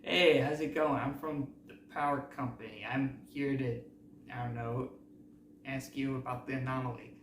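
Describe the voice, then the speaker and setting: A man's voice: mid-range voice, fairly even intonation, normal speed, natural voice. A man voicing a gloating, smug male villain scientist, recorded in a roomy space at a distance. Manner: smug, dismissive. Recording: roomy, distant mic, faint noise.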